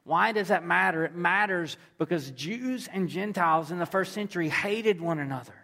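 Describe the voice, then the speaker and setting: A man's voice: high-pitched, moderate pace, bright, forceful tone. A man preaching a sermon, telling a story and repeating phrases for emphasis. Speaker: pastor.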